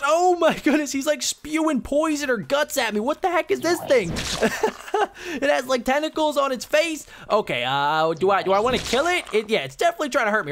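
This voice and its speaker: A man hosting his own gaming channel, chatting excitedly through casual gameplay commentary with lots of "so, yeah" fillers. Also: very high-pitched.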